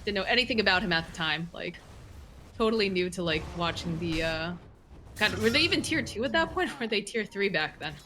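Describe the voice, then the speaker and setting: Woman, bright forceful voice, chatty play-by-play esports commentary, headset mic, faint ambience. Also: medium pitch, slight background noise. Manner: lively, chatty, quick reactions.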